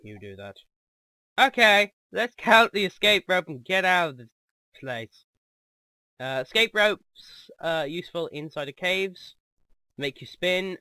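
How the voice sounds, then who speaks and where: A man hosting a let's play, commenting excitedly on the game, joking and laughing easily. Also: fairly high pitch, takes it slowly, long pauses, dry recording.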